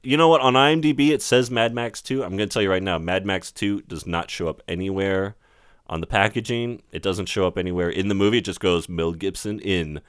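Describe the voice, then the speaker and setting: A man co-hosting a casual movie review podcast, animated and laughing often as he talks. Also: on the low side, brisk, clear, resonant tone, dry recording, studio quality. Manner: animated, laughs often, breaks into joke accents. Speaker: podcast co-host.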